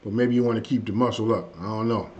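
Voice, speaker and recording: A man hosting a casual live stream, chatting loosely with viewers and saying his energy is low tonight. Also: fairly even intonation, fast talker, darkish tone. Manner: loose and conversational, frequent "hey" and "you know what I mean". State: a bit under the weather, low energy. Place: at home. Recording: dull lo-fi stream audio.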